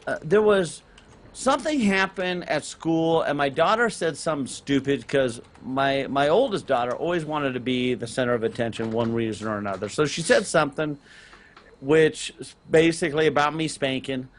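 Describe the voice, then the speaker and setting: A middle-aged man, telling a long personal story on a casual gaming podcast, rambling with restarts and getting loud on key points. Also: fairly high pitch, normal speed, a little hiss or hum. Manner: animated, rambling with restarts, rises loud on emphasis. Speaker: podcast co-host and parent.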